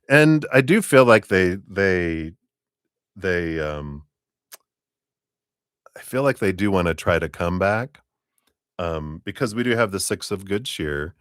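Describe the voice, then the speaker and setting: A man's voice: deep voice, fairly bright tone, no echo. Man, tarot reader, live stream, rambling, chatty, dry close sound. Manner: rambling, chatty, acts out quoted voices.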